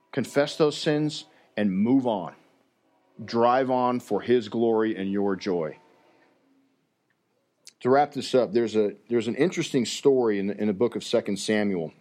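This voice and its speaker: Earnest male preacher, halting delivery. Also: medium pitch, darkish tone. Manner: earnest, halting with frequent repeated words. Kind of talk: sermon.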